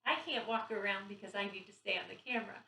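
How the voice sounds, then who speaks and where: A woman's voice: medium pitch, fast, creaky. Middle-aged woman teacher doing kids yoga on camera, upbeat sing-song, kinda far off, echoey room. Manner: gentle, encouraging, sing-song storybook reading. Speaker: pre-k teacher. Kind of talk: guiding children through yoga on video. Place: home room recorded on camera. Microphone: camera mic from a distance.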